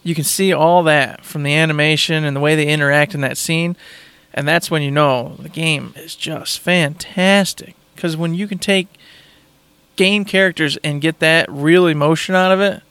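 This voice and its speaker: Enthusiastic man, smooth, higher voice. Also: fairly even intonation, normal speed, fairly bright tone, no echo. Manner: enthusiastic, rambling, repeats phrases. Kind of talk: casual chat.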